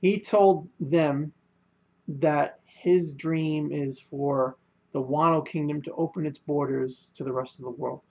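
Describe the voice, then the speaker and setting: A man's voice: on the high side, fairly even intonation, takes it slowly, creaky, a little mellow, slightly rough. A young man giving a casual spoken manga review, rambling with lots of fillers and restarts.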